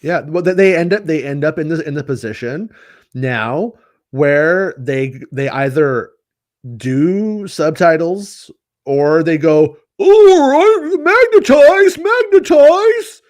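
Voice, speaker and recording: A man co-hosting a casual chat podcast, animated and profane, who slips into mocking voices. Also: fairly high pitch, slow. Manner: animated, swears, mocks voices. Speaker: podcast co-host.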